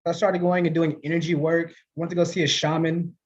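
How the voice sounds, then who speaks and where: A man works through a deadpan, self-mocking stand-up set. His voice sits a little high for a man. The sound is slightly dull and lo-fi, like a streamed show. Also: a little fast. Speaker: stand-up comedian. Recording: dull lo-fi livestream audio.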